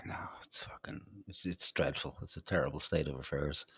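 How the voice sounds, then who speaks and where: A man's voice: a bass voice, fairly even intonation, brisk, pushed and bright, slightly rough, no echo, in a whisper, clean studio sound. A man co-hosting a podcast, trading crude jokes and laughing as he talks. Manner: sweary, laughing banter. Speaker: podcast co-host. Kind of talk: casual chat.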